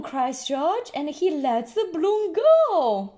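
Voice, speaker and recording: A woman reading a picture book aloud to a child, gently explaining words along the way. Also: high-pitched, sing-song, takes it slowly, few pauses. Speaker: storyteller.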